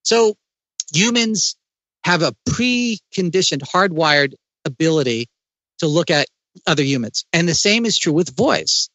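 A man speaking as an interview guest, explaining ideas in a lively way with frequent restarts. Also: on the high side, unhurried, dry recording, dull audio. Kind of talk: conversational interview.

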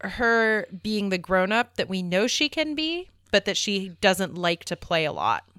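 A woman's voice: mid-range voice, very animated, measured pace, fairly bright tone, smooth, no room sound, clean studio sound. A woman co-hosting a podcast, chatting casually about a TV episode with plenty of "like.". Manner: conversational, lots of "like". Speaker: podcast co-host.

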